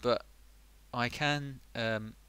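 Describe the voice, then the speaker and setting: A man's voice: medium pitch, steady tone, very slow, sharp tone, smooth, no room sound. A man chatting on a live stream who is a bit under the weather, rambling and muttering to himself as he gets sidetracked. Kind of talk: casual live stream chat.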